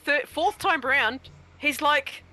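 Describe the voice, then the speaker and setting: A woman's voice: high voice, takes it slowly, sharp tone. An Australian woman chatting casually on a game stream, telling anecdotes and acting out other people's lines. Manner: chatty storyteller, acts out voices in anecdotes. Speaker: streamer and co-host.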